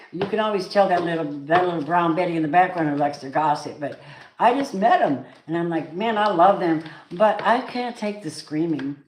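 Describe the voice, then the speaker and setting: A woman's voice: fairly low pitch, echoey room, a little hiss or hum, poor audio. A woman giving a live tarot reading in a chatty, emphatic way, at times breaking into preacher-like bursts. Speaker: tarot reader.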